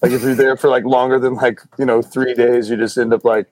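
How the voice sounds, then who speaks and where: A man's voice: mid-range voice, little pitch movement, a little fast, a crowd in the background. A man in a podcast chat telling a rambling story about picking up local speech.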